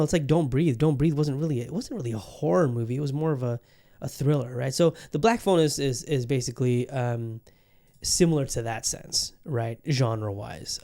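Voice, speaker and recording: A man's voice: mid-range voice, darkish tone. A man hosting a podcast in loose casual chat, rambling with frequent swearing and restarts. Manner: rambling, profane and self-interrupting. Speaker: podcast host.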